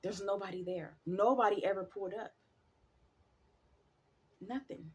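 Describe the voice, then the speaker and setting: A woman telling a spooky personal story in a casual, animated way, addressing her viewers directly and swearing freely. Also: mid-range voice, measured pace, breathy edge. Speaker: storyteller vlogger.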